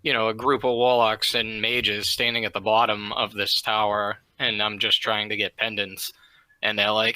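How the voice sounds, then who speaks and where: A man's voice: fairly low pitch, little pitch movement, moderate pace, pushed and bright, no room sound, poor audio. A man on a casual gaming podcast panel telling a wry anecdote.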